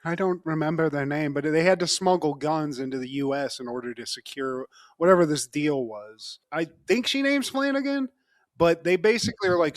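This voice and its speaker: A man's voice: a little high, sing-song, normal speed, dry recording, studio quality. A man co-hosting a podcast, recapping a TV episode in casual chat, laughing often and talking straight to his co-host.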